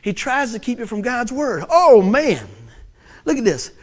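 A middle-aged man preaching a sermon as pastor, animated and joking, telling stories and acting out voices. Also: very high-pitched, measured pace. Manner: animated, joking storyteller who acts out voices.

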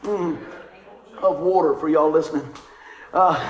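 A man's voice: a little high, slow, long pauses, echoey room, lo-fi sound. A male pastor preaching a sermon in a conversational way, calling out to his congregation. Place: church sanctuary.

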